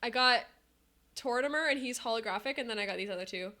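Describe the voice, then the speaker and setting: A high-voiced woman chatting to her live-stream audience, bubbly and excitable, quick to laugh and quick to tear up. Her tone is bright and sharp, spoken close into a headset mic. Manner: bubbly, excitable, laughing, swings between giddy and teary. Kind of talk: casual live-stream chat.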